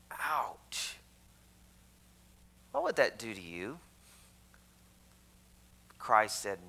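Bright-voiced man preaching conversationally. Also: lowish voice, expressive, takes it slowly, pauses often, slight background noise, poor audio. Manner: conversational, jokey asides to the congregation. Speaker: pastor. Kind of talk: sermon.

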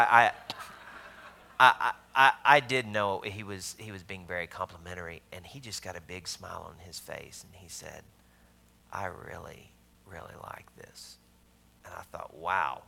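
Gravelly-voiced man preaching with bursts of emphasis. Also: low-pitched, a little hiss or hum. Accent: Southern US. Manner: storytelling, shifts between loud emphasis and hushed asides. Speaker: pastor. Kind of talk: sermon.

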